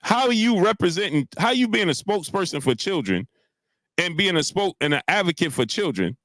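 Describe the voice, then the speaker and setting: A man's voice: high voice, sing-song, fairly quick, fairly bright tone, dry recording. Heated man ranting on a live stream. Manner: heated, repetitive, many filler "uh"s. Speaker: boxing commentary host. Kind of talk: live-stream commentary, greeting chat viewers.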